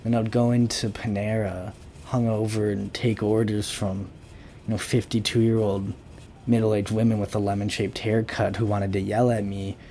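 A young man rambling through a sarcastic, deadpan comic monologue as host of his own talk show. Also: fairly low pitch, moderate pace, slight background noise. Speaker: podcast host. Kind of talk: casual comedic monologue.

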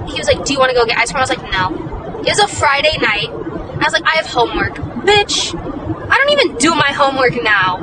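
A young woman with a high voice tells a story in a chatty, dramatic, self-mocking way. She sits some distance from the mic. City traffic and a crowd can be heard clearly behind her. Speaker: podcast host. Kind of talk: casual storytelling monologue.

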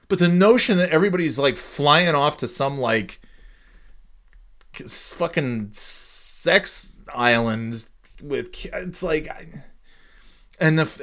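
A man's voice: medium pitch, fairly bright tone. A man ranting casually on his podcast, profane and exasperated, rambling with lots of restarts. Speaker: podcast host. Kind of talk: casual rant.

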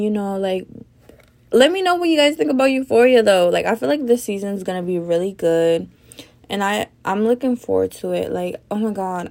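A woman's voice: mid-range voice, vocal fry, a little mellow. A young woman hosting a casual solo podcast, rambling with lots of fillers and swearing, sleepy and yawning. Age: young adult. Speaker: podcast host.

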